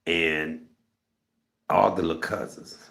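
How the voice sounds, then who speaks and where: A middle-aged man casually telling a story to his viewers, animated and laughing, jumping up high in pitch when he retells what he said. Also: takes it slowly, vocal fry. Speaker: storytelling host of a live stream.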